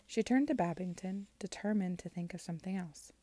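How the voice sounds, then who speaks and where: A woman reading a novel aloud in a soft, measured manner. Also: fairly low pitch, no echo. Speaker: reader.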